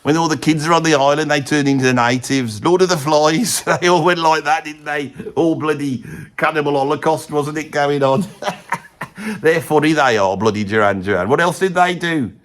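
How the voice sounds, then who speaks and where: In this comedic monologue, a male comic presenter plays a middle-aged Brummie with a thick accent and plenty of opinions. The pitch sits fairly high and the pace is moderate, near an everyday voice, as he rambles through gossip, drops "bloody" constantly, and lowers his voice for secretive asides.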